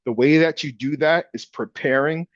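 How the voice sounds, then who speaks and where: A man giving a casual, energetic real estate training talk in a punchy coaching manner. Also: fairly high pitch, normal speed, no echo. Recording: dull dry sound.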